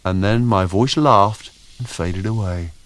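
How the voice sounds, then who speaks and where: Wry low-voiced male storyteller. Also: measured pace, fairly bright tone, dry recording. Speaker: narrator. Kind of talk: audiobook narration.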